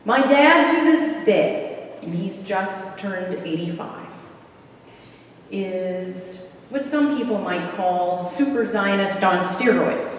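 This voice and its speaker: A woman in her fifties from the American South, giving a measured, deliberate talk as a panel speaker in a church, pausing for emphasis. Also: medium pitch. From American South, North Carolina. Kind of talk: prepared talk at a church program. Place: large church hall. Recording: dull echoey hall recording from far off.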